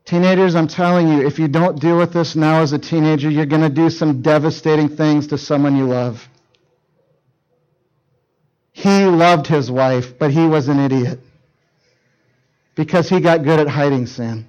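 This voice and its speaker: Middle-aged guy preaching to teens, kinda high voice, tells stories and acts out the lines. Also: steady tone, moderate pace, long pauses, darkish tone, dull audio. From Canada. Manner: storytelling, acting out dialogue, urgent. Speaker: pastor. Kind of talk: sermon to teenagers.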